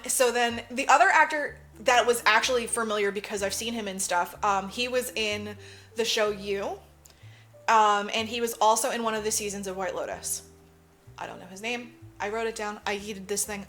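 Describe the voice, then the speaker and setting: A woman's voice: mid-range voice, fairly even intonation, moderate pace, fairly bright tone, faint music behind. A woman co-hosting a movie podcast, casually retelling a film with lots of laughs, swearing and acted-out lines. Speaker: podcast co-host. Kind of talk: casual movie recap chat.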